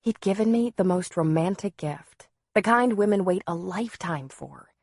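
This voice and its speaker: A woman narrating a novel in the first person, in a measured, softly expressive way. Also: lowish voice, creaky, dry recording, clean studio sound. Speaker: audiobook narrator.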